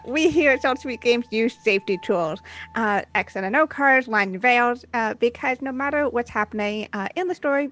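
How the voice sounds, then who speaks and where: A woman's voice: on the high side, fairly bright tone. Upbeat woman hosting a game stream. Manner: upbeat, frequent "uh" fillers. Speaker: game master. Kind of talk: stream intro and announcements.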